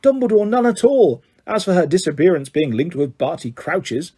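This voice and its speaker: A man's voice: high voice, very animated, moderate pace, mellow, slightly rough, heavily acted. A man voicing a flustered, pompous middle-aged government minister who blusters defensively. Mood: blustering.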